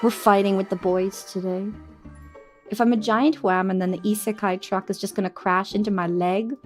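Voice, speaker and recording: A woman's voice: mid-range voice, fairly even intonation, normal speed, faint music behind. A young woman chatting casually on a live stream, bubbly and giggly.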